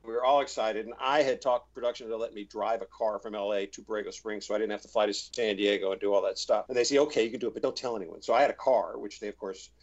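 A man's voice: lowish voice, steady tone, fast, few pauses. Chatty man telling set stories, muffled audio. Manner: chatty, many restarts, acts out quoted voices. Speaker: actor guest. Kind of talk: relaxed anecdotal storytelling. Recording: slightly dull, muffled audio.

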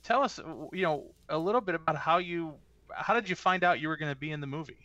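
A man's voice: a little high, fast, sharp tone, dry recording, highs cut off. A man hosting an interview, asking rambling questions with many fillers. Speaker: interview host.

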